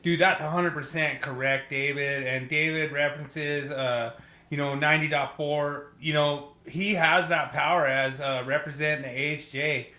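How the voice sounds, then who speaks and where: A man's voice: fairly high pitch, steady tone, normal speed, bright, forceful tone, echoey room. A male podcast host in casual chat, enthusiastic and full of "dude" and "you know" as he reads out listener comments.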